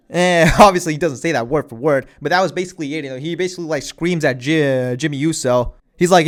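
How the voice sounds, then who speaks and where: A man's voice: fairly high pitch, quick pace, few pauses. A man giving casual wrestling commentary, rambling with lots of filler phrases.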